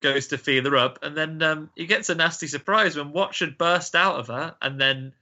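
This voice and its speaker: A man with a very bright, sharp-edged voice chats his way through a film recap. He tells the story loosely, with jokes and frequent laughter, like a host among friends. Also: a little high, moderate pace, highs cut off. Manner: chatty, joking storyteller who often laughs. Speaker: podcast host. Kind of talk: casual film recap chat.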